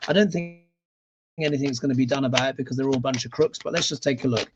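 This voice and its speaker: A man with a medium-pitched voice talks quickly while giving a live tarot reading, with music playing behind him. His tone is sarcastic and emphatic, and he keeps tagging points with a questioning "yeah?" The recording sounds dull and lo-fi.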